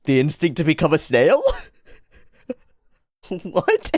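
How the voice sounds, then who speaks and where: A woman hosting a reaction video, commenting on an anime in an excitable way, swearing and laughing loudly, going from mutters to squeals. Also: low voice, slow pace, no echo, studio quality. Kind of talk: casual reaction commentary while watching anime.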